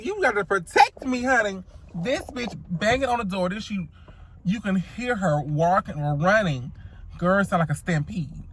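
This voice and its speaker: A woman's voice: medium pitch, a bit bright. A woman telling a dramatic story to the camera in a casual vlog, sassy and profane, calling her listeners honey and child. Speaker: storytime vlogger.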